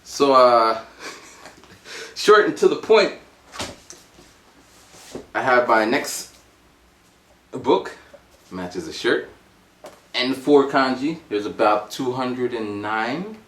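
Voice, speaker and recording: A man in his forties telling a rambling, animated story at home. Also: mid-range voice, drawn-out words, pauses often, reverberant. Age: 40s. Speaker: vlogger. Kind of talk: casual storytelling vlog.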